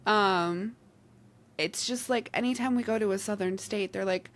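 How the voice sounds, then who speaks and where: A woman's voice: medium pitch, moderate pace. A young woman from New Jersey with a noticeable New Jersey accent, chatting as a podcast co-host. She is talkative and giggly, and she slips into little performances whenever she quotes someone. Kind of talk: casual chat.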